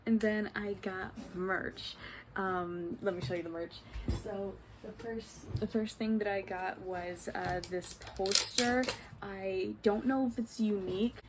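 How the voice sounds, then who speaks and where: A young woman from New York talks excitedly to camera, gushing with many ums and little giggles. Her pitch sits in an ordinary middle range. A faint hiss of noise runs under the recording. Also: slow. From New York state. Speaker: vlogger. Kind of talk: casual vlog chat.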